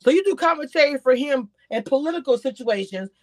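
A woman's voice: high voice, brisk, dry recording. Chatty woman streaming reality-TV commentary. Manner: chatty, animated, talks to the chat directly; grows exasperated and incredulous. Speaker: YouTube commentator.

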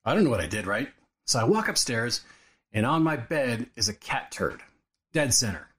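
A middle-aged man co-hosting a podcast, telling family stories in a lively way, acting out voices and laughing often. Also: mid-range voice, normal speed. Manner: animated storyteller, acts out quotes, laughs often. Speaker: podcast co-host. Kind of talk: casual storytelling chat.

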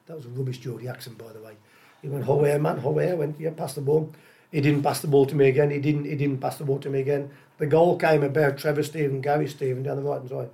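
An older man, a former footballer telling casual, animated stories as a podcast guest, repeating phrases often. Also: medium pitch, quick pace, gravelly. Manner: animated, repeats phrases, lots of uh and you know what I mean. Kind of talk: casual anecdotal storytelling.

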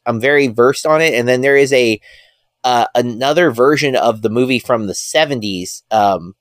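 A medium-pitched male co-host speaks at a moderate pace in a clean studio recording free of room sound. He rambles casually on the podcast, dropping frequent fillers while getting excited about movies.

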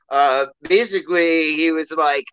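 A man tells a long, meandering story in casual chat. He talks with a bright, tense voice. The sound is dry and slightly dull, like a remote call. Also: a little high, clean tone, dry recording. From New York City. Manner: rambling, laughing, full of fillers. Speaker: guest, bike company owner.

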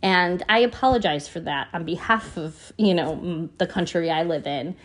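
A woman's voice: on the low side, moderate pace. A woman hosting a podcast, talking in a casual, heartfelt monologue that often turns emotional and is full of "you know" fillers. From United States. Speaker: podcast host.

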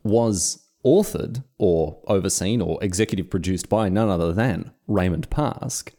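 A man's voice: low voice, a little slow, dark tone. A young man hosting a history podcast, telling wry, self-mocking school stories in casual chat. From Australia.

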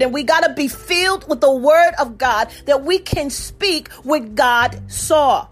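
A woman preaching a fervent sermon and prayer, repeating declarations over her listeners. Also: high-pitched. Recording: faint music behind.

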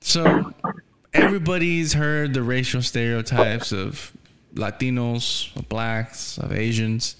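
A man's voice: medium pitch, steady tone, slow, fairly bright tone, clean tone. Man, podcast host, casual profane chat, laughs a lot. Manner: profane, laid-back, laughs often.

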